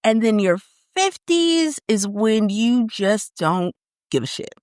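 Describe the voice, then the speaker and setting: A woman's voice: fairly high pitch, very animated, slow, a little mellow, no echo, studio quality. Candid woman in her fifties. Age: 50s. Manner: candid, laughs often. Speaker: podcast co-host. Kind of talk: casual chat.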